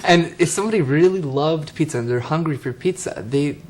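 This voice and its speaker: A man's voice: a little high, brisk, a little mellow, a little hiss or hum. A man in a casual spiritual talk, thoughtful and explaining with everyday examples. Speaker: co-speaker on spirituality.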